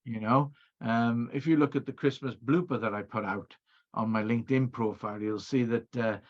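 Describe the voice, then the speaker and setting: A man's voice: mid-range voice, fairly even intonation, moderate pace. Chatty Welsh man, dull call audio. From Wales. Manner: chatty storyteller with many restarts. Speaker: video producer guest. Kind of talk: casual interview chat.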